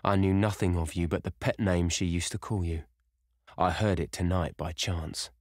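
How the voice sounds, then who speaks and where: A gruff, thick-set sailor bent on revenge, played by a man with a very low voice, growling his threats in a blunt, heavy way. The voice stays close to the reader's own deep register, dry and near the mic. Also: steady tone, moderate pace, no room sound, natural voice. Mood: menacing.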